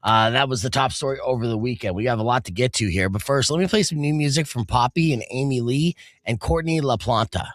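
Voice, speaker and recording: A man's voice: medium pitch, quick pace, few pauses, no room sound. A man hosting a radio talk show, chatting casually and loosely with many fillers. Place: radio studio. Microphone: studio mic.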